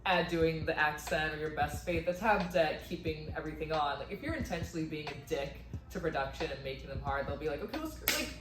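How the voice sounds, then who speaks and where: A woman's voice: sits low, steady tone, brisk, few pauses, music in the background. Young Midwestern woman teasing playfully in an echoey room. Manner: playful teasing, bursts of laughter. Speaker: co-host, former reality-show contestant. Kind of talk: casual chat. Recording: roomy echo.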